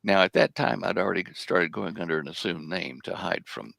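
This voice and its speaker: Deep, gravelly and a bit bright, this older American man talks fairly quickly with no room sound. He's an interview guest spinning long, casual stories, rambling and hesitating often.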